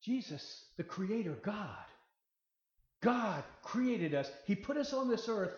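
A man preaching a sermon, moving from quiet storytelling to loud proclamation. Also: high-pitched, animated, slow pace. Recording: echoey room, slightly muffled.

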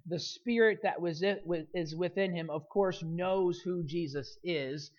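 Preacher working through a Gospel passage with earnest, building emphasis, mid pitch, muffled lo-fi audio. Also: a little slow, darkish tone. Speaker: pastor. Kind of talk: sermon.

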